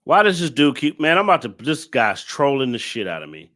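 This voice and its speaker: Man, reaction stream host, lively swinging pitch, bright tone, exasperated, scolding his chat. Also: fairly quick. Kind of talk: reaction commentary to a clip.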